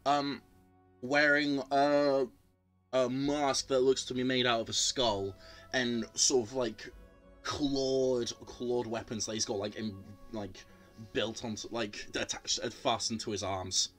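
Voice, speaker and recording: A man's voice: mid-range voice, little pitch movement, slow, soft background music. A man running a tabletop game on a stream, describing scenes loosely with lots of fillers. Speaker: game master. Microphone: headset or desk mic, streaming.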